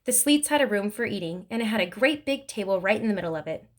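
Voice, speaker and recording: Woman reader, plain steady read-aloud narration of a novel. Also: medium pitch, quick pace.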